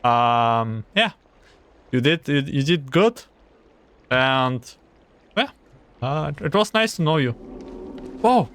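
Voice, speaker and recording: A man's voice: mid-range voice, big pitch swings, slow pace, pauses often, a bit bright, slight background noise. A young man streaming a game, reading text aloud and muttering anxious reactions. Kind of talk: game playthrough commentary. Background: game music.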